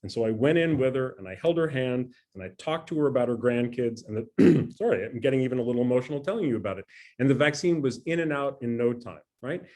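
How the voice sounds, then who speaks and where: A man's voice: medium pitch, expressive, fast talker, a little mellow. A middle-aged man, a scientist, giving a conversational and earnest talk from his home dining room over a video call. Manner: conversational, earnest, self-deprecating. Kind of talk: presentation talk.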